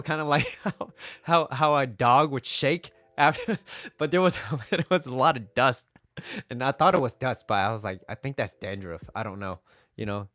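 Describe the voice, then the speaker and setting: A man talks through relationship advice in a loose, rambling monologue, dropping curses and chuckling as he goes. He sometimes refers to himself by name in the third person, and faint music plays softly underneath. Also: medium pitch. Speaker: dating and relationship advice host. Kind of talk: casual talking-head advice monologue.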